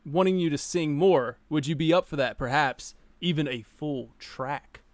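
A man interviewing a guest in casual chat, relaxed and laughing often. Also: on the high side, moderate pace, no echo.

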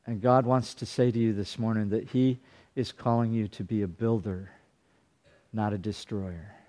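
A man's voice: fairly low pitch, fairly even intonation, moderate pace, dark tone. A man preaching a sermon as a pastor, earnest and fond of repeating his phrases.

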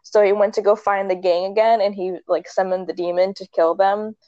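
A woman's voice: mid-range voice, little pitch movement, a little fast, mellow, dry recording. Rambling young woman, dull dry sound. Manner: rambling storyteller, many likes and ums, laughs a lot. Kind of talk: casual chat.

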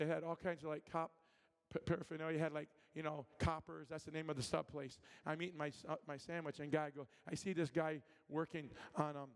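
A man from Michigan preaching as a guest speaker, telling personal stories with acted-out voices and many restarts, then ministering directly to people in the congregation. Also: on the high side. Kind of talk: sermon with storytelling and prophetic ministry. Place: church sanctuary. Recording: long hall reverb.

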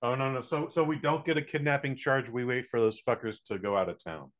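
A male podcast co-host talks through a movie review in loose, rambling chat. He jokes and swears freely, with a voice of ordinary, middling pitch. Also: brisk, fairly bright tone. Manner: profane, rambling, joking.

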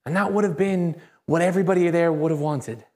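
High-voiced man preaching a lively sermon. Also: brisk. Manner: lively, conversational preaching, acting out quoted voices; asks the congregation for call-and-response. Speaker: pastor. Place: church service.

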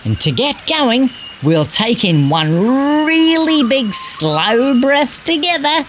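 A woman voicing a cheerful, fact-loving male green tree frog, gently guiding a children's storybook adventure and fond of silly jokes. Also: mid-range voice, sing-song, slow pace, slight background noise.

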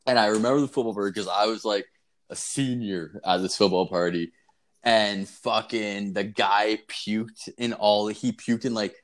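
A man's voice: lowish voice, moderate pace. A young man co-hosting a casual podcast, telling crude stories with lots of swearing and laughter. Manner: profane, laughing, animated storytelling. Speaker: podcast co-host.

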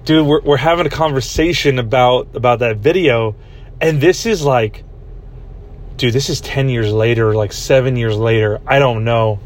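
A man's voice: medium pitch, moderate pace. A young man telling a rambling story in a casual podcast chat, laughing often and saying "dude" a lot. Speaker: podcast host.

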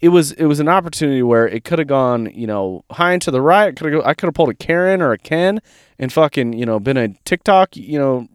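A man's voice: on the high side, fast, smooth, dry recording, clean studio sound. A man from Georgia, casually telling a story as a podcast co-host, swearing freely. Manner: animated, casual, swears freely, says dude.

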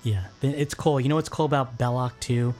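A man's voice: medium pitch, fairly even intonation, fairly quick, a little mellow, soft background music. A man co-hosting a casual movie commentary podcast, chatting enthusiastically. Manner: enthusiastic, chatty, many restarts. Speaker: podcast co-host.

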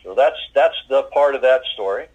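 A man giving a personal faith testimony as an interviewee, talking in a halting way with many fillers and restarts. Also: mid-range voice, darkish tone, husky, lo-fi sound.

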